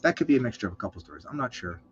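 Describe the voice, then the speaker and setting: A man's voice: on the low side, rapid-fire, a little hiss or hum. A man hosting his own show in a casual, profane monologue, ranting and swearing as he tells stories, cold and muffled on a slightly dull recording. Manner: ranting, swearing, animated storytelling. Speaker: show host.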